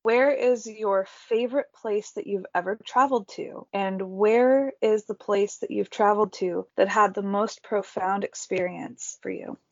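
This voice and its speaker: A woman's voice: mid-range voice, unhurried, hardly any pauses, darkish tone, no room sound. A woman hosting an interview, encouraging her guest with short reactions and laughs. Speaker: host. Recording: dry, slightly dull lo-fi audio.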